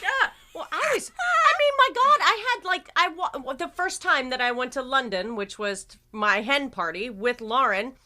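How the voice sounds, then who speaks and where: A woman co-hosting a casual chat, telling stories in an animated, emotional way. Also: sits high, moderate pace, few pauses. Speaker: co-host.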